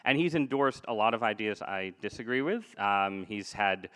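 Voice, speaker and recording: A man's voice: on the low side, animated, moderate pace, fairly bright tone. A man in his thirties, co-host of a podcast, talking in a joking, rambling way with many restarts during a live debate on stage. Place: stage before a live audience.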